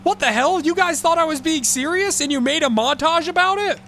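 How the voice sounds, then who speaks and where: A man streaming live, chatting casually with an excitable, profane manner and mock-outraged outbursts. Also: very high voice, fairly quick, slight background noise.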